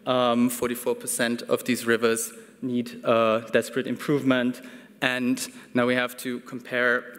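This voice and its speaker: A man giving a measured symposium talk, pausing often with ums and restarts. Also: mid-range voice, completely flat delivery, a bit bright. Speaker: conference speaker. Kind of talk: academic presentation. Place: conference hall. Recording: reverberant hall.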